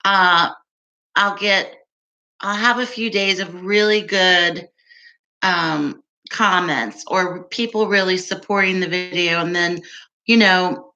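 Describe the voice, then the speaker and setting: A woman's voice: medium pitch, sharp tone. A woman hosting a casual livestream, chatting with viewers, laughing often and answering their comments. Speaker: livestream host.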